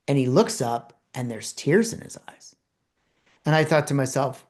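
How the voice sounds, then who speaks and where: A man presenting a talk, telling a personal story with dramatic pauses and acted-out dialogue. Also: a little high, animated, a little mellow.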